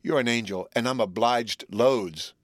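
A male reader voicing an eager, sweet young woman who coaxes softly, in a storybook reading. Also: medium pitch, unhurried, no echo, studio quality, natural voice. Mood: coaxing.

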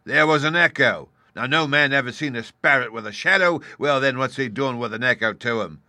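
Man voicing a cunning pirate boss, gruff blustering sailor talk, loud, raised pitch, dry close sound. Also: brisk, no echo. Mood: scoffing. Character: bold cunning male pirate leader.

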